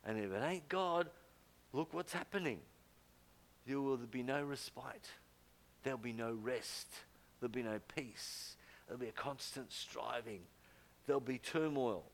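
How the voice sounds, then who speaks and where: An older man preaching a sermon, emphatic, with loud exclamations and low quiet asides. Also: unhurried, long pauses.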